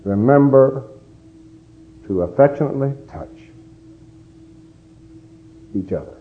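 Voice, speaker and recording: Animated middle-aged male preacher. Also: mid-range voice, takes it slowly, pauses often, phone-quality sound. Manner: animated storyteller, acts out voices, swings from loud to hushed. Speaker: pastor. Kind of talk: sermon.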